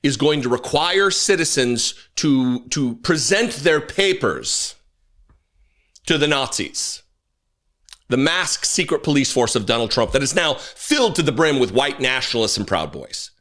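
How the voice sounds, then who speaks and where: A man hosting his own political commentary show, angry and animated, with blunt swearing and quick asides. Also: fairly high pitch.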